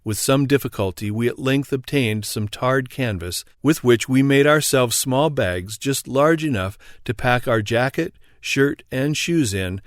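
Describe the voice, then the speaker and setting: A man narrating an audiobook in a steady, even storytelling read. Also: medium pitch, dry recording, studio quality. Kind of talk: scripted narration.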